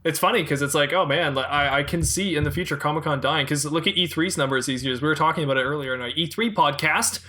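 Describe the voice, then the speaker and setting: A man co-hosting a casual pop-culture podcast, talking in an animated, rambling way with frequent laughs. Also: on the high side, fast, few pauses. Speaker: podcast co-host.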